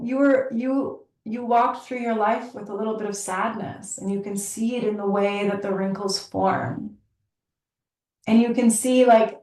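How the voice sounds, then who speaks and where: Earnest woman teacher, chatty and warm-paced, recorded a bit off-mic in an echoey room. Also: medium pitch. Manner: earnest, chatty, laughs often, many likes and you-knows. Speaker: yoga teacher and podcast host. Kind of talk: reflective casual talk. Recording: roomy, from a distance.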